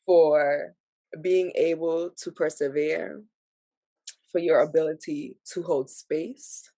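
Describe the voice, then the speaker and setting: A woman co-hosting a podcast, speaking slowly and with feeling, close to tears and laughing through them. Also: sits low, darkish tone, no room sound. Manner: tearful, slow and heartfelt, laughing through tears. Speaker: podcast co-host. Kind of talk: emotional casual podcast talk.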